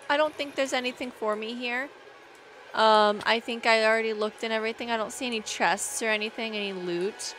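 A young woman giving excitable let's-play commentary, chatting to in-game animals and squealing when things go wrong. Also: on the high side, moderate pace, soft background music. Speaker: gaming video creator.

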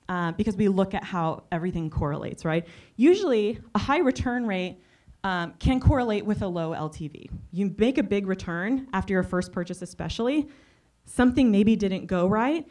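A woman giving a conference talk in a chatty way, telling a story and acting out the voices of the people in it. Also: medium pitch. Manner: chatty and animated, acts out quoted voices. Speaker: conference speaker.

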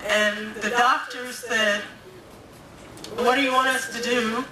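A woman's voice: on the high side, fairly even intonation, takes it slowly. A woman giving a personal testimony as a guest speaker, telling her story and acting out the voices of people she quotes. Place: domestic violence awareness walk event. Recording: echoey, distant, crowd noise behind.

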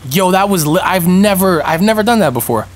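A young man giving live commentary on a multiplayer game, excitable and panicky, yelping and throwing in a lot of slang. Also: sits high, fairly quick, a little hiss or hum. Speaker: gaming streamer.

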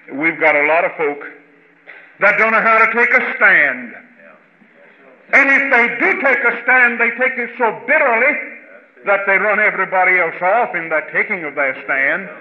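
A man with a Southern American accent, preaching a sermon in a folksy way that swings between loud passages and quiet asides. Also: high voice, expressive, a little slow, long pauses. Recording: lo-fi roomy archival church recording.

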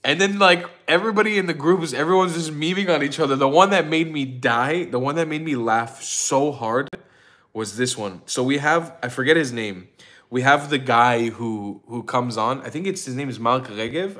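A man hosting a casual livestream, telling stories in an excitable, profane way and laughing often. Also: medium pitch, moderate pace. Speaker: livestream host.

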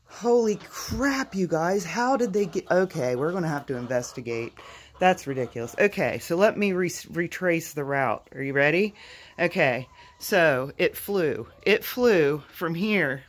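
An excitable homestead vlogger films outdoors on a handheld phone and chats straight to viewers. The delivery is flustered and jittery, with frequent laughs and many asides to "you guys." The voice sits at a middling pitch. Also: a little hiss or hum. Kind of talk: casual vlog narration to camera. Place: outdoors in a backyard with a quail coop.

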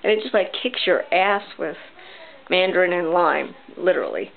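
A woman's voice: fairly low pitch, lively intonation, normal speed, vocal fry. A young woman reviewing lotions in a chatty, bubbly way with many ums, in her bedroom. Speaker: beauty vlogger. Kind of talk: casual product review. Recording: tinny lo-fi camera audio.

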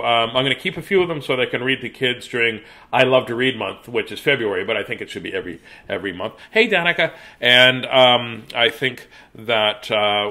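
His mid-range voice bright and forceful, a man runs a livestream where he reads children's books and banters playfully with the audience. He slips into silly sing-song chanting and mock announcer-style calls.

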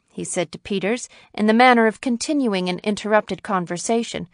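A woman narrating a classic short story as an audiobook reader, in a measured, even storytelling manner. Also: mid-range voice, no echo, clean studio sound. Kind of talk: scripted narration.

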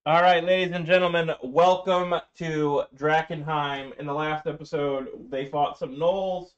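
A man's voice: fairly high pitch, fairly even intonation, measured pace. Casual rambling dungeon master, man. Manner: casual, rambling, full of fillers. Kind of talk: running a tabletop game. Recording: dull lo-fi recording.

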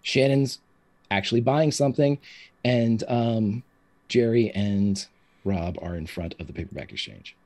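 A man narrating as game master of a tabletop game, describing scenes in a relaxed way with fillers. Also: on the low side, a little slow.

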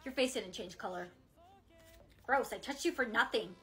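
Woman acting out a teen drama skit, high voice, kinda dramatic, soft music behind. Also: moderate pace, breathy edge. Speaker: actor in POV skit. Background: faint music.

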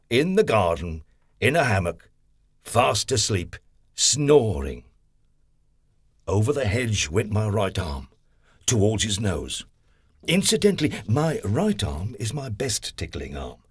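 An actor playing a cheeky, playful tickling character, telling a children's audio story in first person with a slightly husky voice and gleeful high squeals on each tickle. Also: male voice, dry recording, clean studio sound, full character voice.

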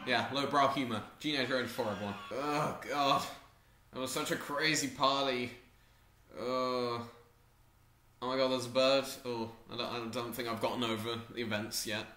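Bright-voiced man doing game commentary. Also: medium pitch, steady tone, normal speed, roomy sound. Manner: self-deprecating, stumbles over words. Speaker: gaming YouTuber.

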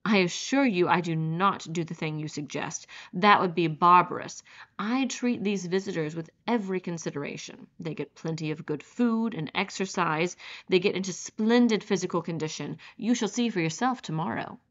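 A woman's voice: lowish voice, moderate pace, highs cut off, natural voice. Woman reading as a smug, cruel aristocratic general. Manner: polished, smug, condescending. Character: suave, cruel aristocratic male general who hunts men. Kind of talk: audiobook character reading.

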